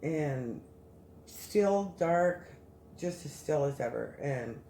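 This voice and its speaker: Woman, low voice, rambling storyteller, echoey room, faint noise. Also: very slow. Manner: animated, rambling, many restarts. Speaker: guest storyteller. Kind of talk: casual storytelling.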